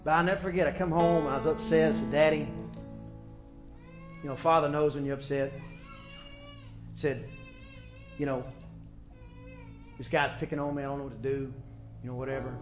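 A middle-aged male pastor preaching a sermon in church, swinging from quiet storytelling to shouted declarations. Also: a little high, fairly even intonation, normal speed, long pauses, over music. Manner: preaching with sudden shouted peaks and storytelling asides.

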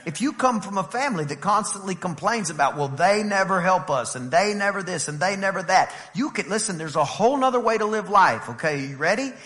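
A man preaching a sermon as pastor, moving from conversational talk to fervent shouting. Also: high voice, animated, a little fast, few pauses, big-room sound. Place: church.

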